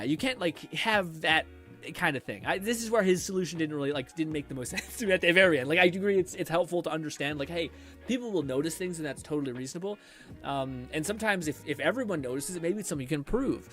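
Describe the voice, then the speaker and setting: A man's voice: on the high side, fairly bright tone. A man streamer chatting casually with his stream chat and answering comments in a rambling way, full of fillers and restarts.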